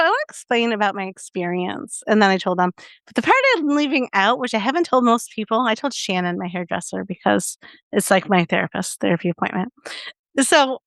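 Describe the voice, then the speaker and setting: High, smooth-voiced woman telling a story. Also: no echo. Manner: animated storytelling with lots of fillers and acted quotes. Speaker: podcast co-host. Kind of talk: casual chat.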